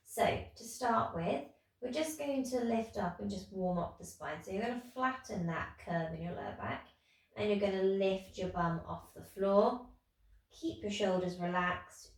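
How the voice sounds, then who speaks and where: A tired woman in her thirties leading a pilates class, calmly talking through moves and counting reps. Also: on the low side, creaky. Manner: calm instructing, counting reps. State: tired, yawning. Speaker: pilates instructor. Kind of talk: guided exercise class. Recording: echoey room from far off.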